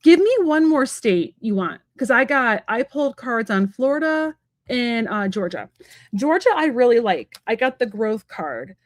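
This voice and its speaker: A woman giving a live-stream tarot reading from home, talking fast and rambling in a chatty way with many fillers. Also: a little high, sing-song, dry recording, studio quality. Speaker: psychic medium and tarot reader.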